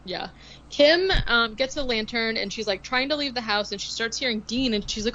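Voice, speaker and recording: A woman's voice: fairly high pitch, unhurried, sharp tone, highs cut off, slight background noise. A woman co-hosting a podcast, recapping a film in casual chat, rambling with lots of "like" and sarcastic asides. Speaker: podcast co-host.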